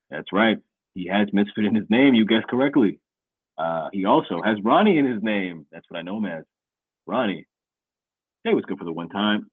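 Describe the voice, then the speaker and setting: A man's voice: fairly low pitch, expressive, moderate pace, no room sound. A man hosting a casual sports podcast, giving playful hype-man introductions and chatting loosely about football. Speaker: podcast host. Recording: phone-like narrow sound.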